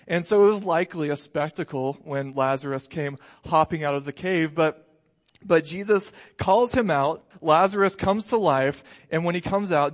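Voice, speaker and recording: A man preaching a sermon in a relaxed, conversational way, telling stories with light humor. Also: fairly high pitch, normal speed. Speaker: pastor.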